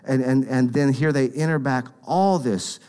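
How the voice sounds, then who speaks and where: A man's voice: medium pitch, unhurried, a little mellow, smooth. A man preaching a sermon in an earnest, conversational storytelling manner.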